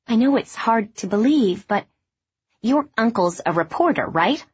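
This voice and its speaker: A woman voicing a teenage girl who insists on a conspiracy theory in an urgent, hushed way. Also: on the high side, expressive, a little slow, husky, no echo, dull audio, voice pushed up, full character voice. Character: conspiracy-minded teenage girl, earnest and secretive.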